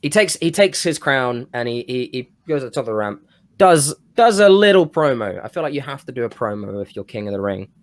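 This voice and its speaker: A man's voice: medium pitch, fast, hardly any pauses, fairly bright tone. Rambling male podcast co-host. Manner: rambling, self-interrupting, with bursts of enthusiasm. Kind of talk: casual chat, fantasy booking pitch.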